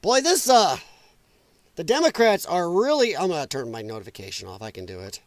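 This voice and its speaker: A man's voice: fairly high pitch, very animated, a little fast, no echo. A man hosting a live political talk stream from home, rambling and sarcastic in a casual commentary style. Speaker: political livestream host.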